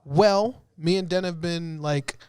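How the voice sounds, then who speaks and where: A man's voice: a little high, takes it slowly, clean tone, no echo, clean studio sound. A man co-hosting a casual gaming podcast, chatting loosely and laughing through his stories. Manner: relaxed, laughs while telling stories. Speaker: podcast co-host. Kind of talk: casual chat.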